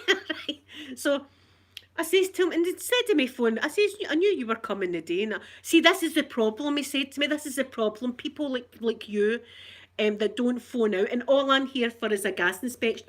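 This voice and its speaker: A woman's voice: sits high, animated, fairly quick. A middle-aged woman with a Glasgow accent, telling an indignant story to camera at home, laughing as she goes. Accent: Scottish, Glasgow. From Scotland. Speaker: vlogger. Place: at home, in a living room.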